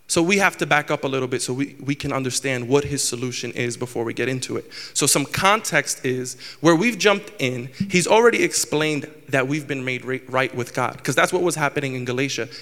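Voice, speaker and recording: A man's voice: a little high, fairly bright tone, in a large hall. A man in his twenties preaching a candid, self-deprecating sermon, often restarting his sentences. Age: 20s.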